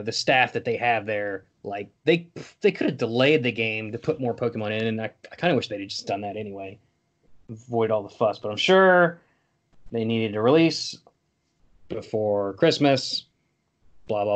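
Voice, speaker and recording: A man's voice: medium pitch, lo-fi sound. A young man co-hosting a podcast, chatting in a playful, jokey, rambling way. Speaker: podcast co-host. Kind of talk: casual chat.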